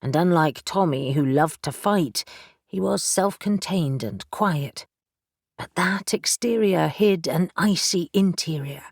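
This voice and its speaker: A woman narrating an urban fantasy audiobook in a steady, measured way on a close studio mic. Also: on the low side, vocal fry, husky, no echo. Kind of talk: scripted narration.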